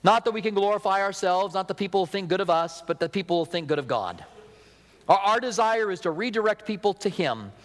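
A middle-aged man preaching in a slightly high voice, his words carrying a long hall reverb. He talks to the congregation in a relaxed, conversational way, breaking into chatty asides and acting out quotes. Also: brisk. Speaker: pastor. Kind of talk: sermon.

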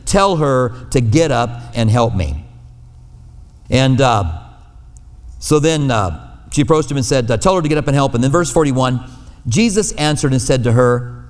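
A man's voice: mid-range voice, big-room sound. A man preaching a conversational sermon as pastor, acting out quoted voices along the way.

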